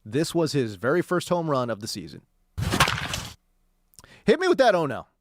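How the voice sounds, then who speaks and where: A man's voice: fairly high pitch, wildly swooping pitch, normal speed, background noise. A man hosting a sports talk radio show, talking in a slangy, sarcastic way. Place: radio studio.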